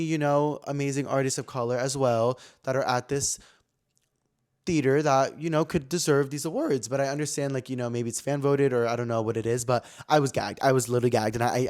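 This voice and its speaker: A man's voice: medium pitch, fairly even intonation, quick pace, darkish tone. A young man hosting his own podcast, telling stories in a chatty, slangy way with lots of fillers. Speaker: podcast host. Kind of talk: casual chat.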